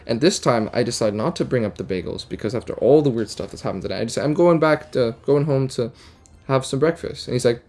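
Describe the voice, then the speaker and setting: A young man casually telling a rambling, deadpan, absurd story full of fillers and restarts. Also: mid-range voice, fast talker. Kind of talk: casual storytime while gaming.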